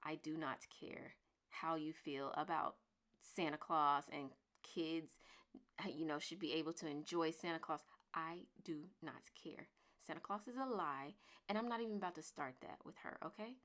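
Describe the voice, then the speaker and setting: Talking to camera at an ordinary pace, a woman vlogger in her thirties uses a low-pitched voice and a casual tone, yet stresses her words and keeps forcefully repeating what she means.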